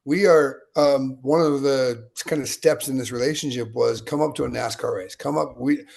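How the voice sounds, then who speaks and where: A man in his late thirties from Utah tells stories as a guest in a relaxed interview. His voice sits at an ordinary pitch with a gravelly edge. He wanders off on side tracks and comes back to them. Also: normal speed. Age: late 30s. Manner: conversational, digressive storyteller. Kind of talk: casual storytelling interview.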